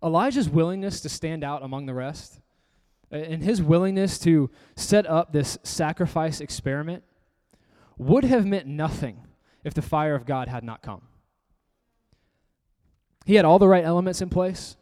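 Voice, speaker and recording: Earnest preacher in a reverberant hall. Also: male voice, a little high, lively intonation, moderate pace, dark tone, smooth. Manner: earnest, conversational preaching with rhetorical questions. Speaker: pastor. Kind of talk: sermon with scripture reading.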